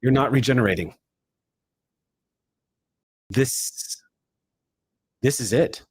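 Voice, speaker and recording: A man's voice: mid-range voice, slow, slight background noise. A man as game master, giving dramatic second-person narration for a tabletop role-play, shifting his pace from swift to drawn out.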